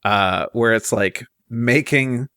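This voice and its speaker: A man co-hosting a podcast, chatty and loose, with lots of "like" and quick asides. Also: mid-range voice, bright, forceful tone, clean tone, dry recording. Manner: chatty, laughing asides, filler "like". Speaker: podcast co-host. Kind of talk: casual podcast chat.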